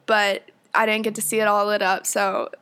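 A woman's voice: medium pitch, level tone, normal speed, sharp tone, clear, resonant tone. A young woman co-hosting a podcast in casual chat, bubbly and teasing, often laughing. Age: young adult. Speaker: podcast co-host.

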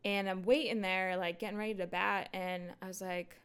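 A young adult woman hosting a podcast, talking casually in a rambling, animated way with lots of fillers and laughs into a microphone. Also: medium pitch, normal speed, clear, resonant tone. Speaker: podcast host. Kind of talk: casual solo chat.

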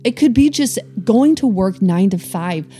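A woman's voice: medium pitch, expressive, unhurried, mellow, husky, faint music behind. A woman in her forties co-hosting a casual chat, talking in an earnest, reflective way. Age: 40s. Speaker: podcast co-host.

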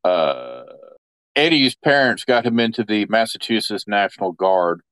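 Smooth-voiced man rambling. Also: lowish voice, expressive, measured pace, a bit bright, no echo. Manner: rambling, self-correcting. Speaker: player. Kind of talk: casual game chat in character.

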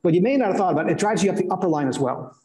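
A man's voice: high voice, expressive, racing, warm tone. A middle-aged man preaching a sermon as a pastor, earnest, asking rhetorical questions and repeating phrases for emphasis. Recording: roomy echo of a hall.

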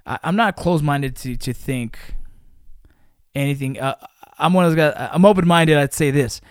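A man with a slightly raised voice tells a story in casual podcast chat. He curses freely and flares into shouts at the tense moments. The sound is dry and close to the mic. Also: a little high, normal speed, smooth, no echo. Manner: animated, profane, shouts during exciting moments. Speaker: podcast host.

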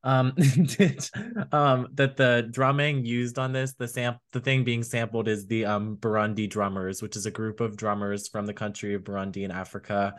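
A man's voice: lowish voice, level tone, moderate pace. A man co-hosting a music podcast, rambling casually with many fillers and frequent laughs. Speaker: podcast co-host. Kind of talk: casual chat.

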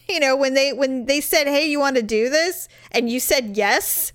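A woman's voice: high-pitched, a little slow, a bit bright. A woman co-hosting a casual chat show, blunt and profane, acting out the people she quotes. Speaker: podcast co-host.

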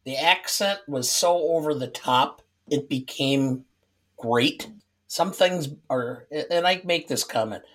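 A man's voice: mid-range voice, breathy edge. A middle-aged man co-hosting a casual movie podcast, easygoing and opinionated, reading summaries steadily. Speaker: podcast co-host.

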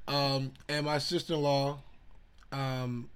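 Мужчина, непринуждённо подшучивающий соведущий подкаста. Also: male voice, medium pitch, level tone, slow pace, fairly bright tone, clear, resonant tone. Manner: joking, teasing, acts out his wife's voice. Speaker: podcast co-host. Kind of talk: casual chat.

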